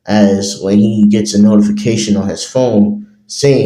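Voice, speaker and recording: A man's voice: lowish voice, steady tone, a little slow, few pauses, dark tone. A man improvising a fan story, rambling with many fillers. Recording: roomy echo.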